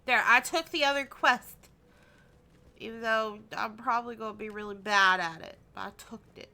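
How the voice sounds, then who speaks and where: A woman's voice: fairly high pitch, moderate pace, bright, forceful tone. A young woman streamer giving playful, chatty commentary as she plays, often talking to the game itself. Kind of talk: casual gameplay commentary.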